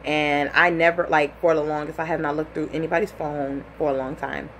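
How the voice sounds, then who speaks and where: A young woman telling a personal story in a casual, animated way, full of "like" and acted-out quotes. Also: deep voice, a little fast, a little hiss or hum.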